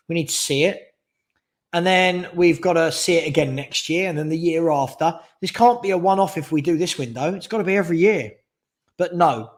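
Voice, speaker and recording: A man hosting a live fan stream, chatting casually and giving strong opinions while reading out viewer questions. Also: fairly high pitch. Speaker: fan channel host.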